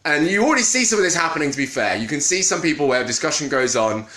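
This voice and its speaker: Brief: man, casual live-stream vlogger, bright, slightly high voice, roomy echo. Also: fast talker. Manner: animated, greets viewers mid-talk, trails off and restarts. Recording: echoey room.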